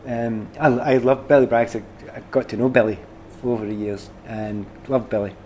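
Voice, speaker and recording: A middle-aged man with a Glasgow Scottish accent, a former footballer being interviewed, telling stories in a lively, self-deprecating way. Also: medium pitch, moderate pace, a little hiss or hum. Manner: animated, self-deprecating storyteller. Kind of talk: casual conversation.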